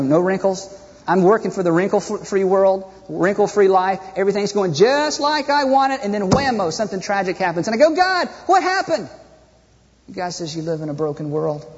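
A man preaching a sermon as pastor is impassioned and rhetorical, acting out people's prayers in mocking voices. His voice is high and a little mellow, heard in a dull, echoey hall.

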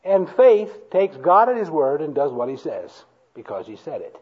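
A male pastor delivers a sermon in a slow, deliberate way, leaning on key words. His voice swings widely in pitch and sits a little high. The recording is dull and lo-fi, made in a church before the congregation. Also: big pitch swings, husky. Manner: slow, emphatic, has congregation repeat lines aloud.

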